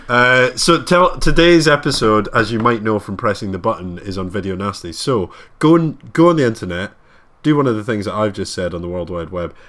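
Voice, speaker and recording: Male podcast co-host, lowish voice, rambling and jokey. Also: sharp tone. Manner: rambling, jokey, restarts often. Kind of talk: casual podcast chat.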